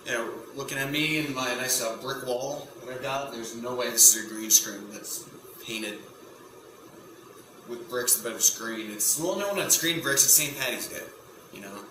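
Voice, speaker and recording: A man's voice: medium pitch, moderate pace. A man doing a stand-up routine to camera in front of a green screen, with a rambling, self-interrupting, provocative delivery. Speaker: stand-up comedian. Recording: echoey room with faint hum.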